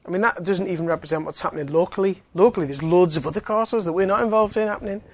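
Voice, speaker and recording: A man with a fairly high voice gives a relaxed faith talk to a group. He speaks casually and fills his sentences with "you know". He also drops in teasing jokes. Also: fast talker, no echo. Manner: conversational, many fillers, joking asides. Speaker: Alpha course speaker. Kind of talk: evangelistic talk.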